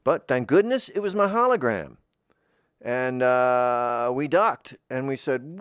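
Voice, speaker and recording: A man improvising a comic story in a rambling, deadpan way, drifting off on tangents. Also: mid-range voice, slow, clear, resonant tone, no room sound, studio quality. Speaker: comedy podcast performer.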